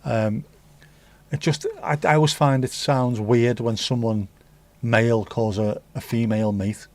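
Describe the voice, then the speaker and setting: A man's voice: medium pitch, fairly even intonation, unhurried, a little mellow. A man hosting a livestream, chatting casually and reading out viewer comments with rambling, jokey asides and free swearing. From England. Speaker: livestream host.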